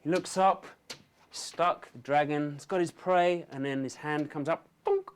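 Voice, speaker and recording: A man narrating a storyboard pitch, lively and full of sound effects. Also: measured pace, smooth. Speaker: story artist.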